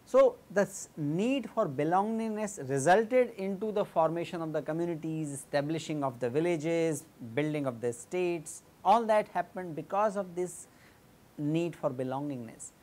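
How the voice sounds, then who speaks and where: A woman with an Indian English accent giving an academic lecture in a measured, explanatory way, often pausing with fillers and restarting sentences. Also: deep voice, a little mellow.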